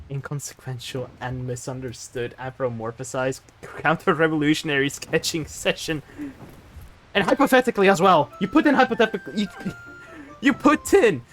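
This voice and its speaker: A man's voice: high-pitched, a bit bright. A young man chatting casually on a live stream while gaming, rambling animatedly and laughing often.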